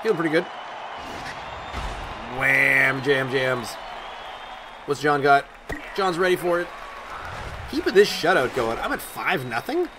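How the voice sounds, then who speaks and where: Man, gaming commentary, chatty, animated, stadium crowd and ambient noise behind. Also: a little high, unhurried, pauses often. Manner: excitable, chatty, talks back at the game. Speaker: gaming YouTuber. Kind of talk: let's-play commentary.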